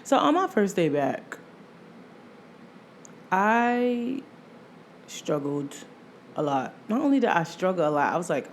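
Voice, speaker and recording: A woman's voice: medium pitch, slow, long pauses, slight background noise. A young adult woman hosting her podcast, telling a casual personal story with lots of laughter and acted-out quotes. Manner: animated, laughs often, acts out quoted voices. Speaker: podcast host.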